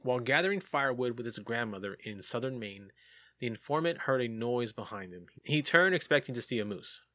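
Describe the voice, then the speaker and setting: A man's voice: medium pitch, lively intonation, brisk, a bit bright, dry recording. Joking man reading spooky reports. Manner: jokey, reads reports aloud with asides. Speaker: podcast host reading sightings. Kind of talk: casual podcast chat.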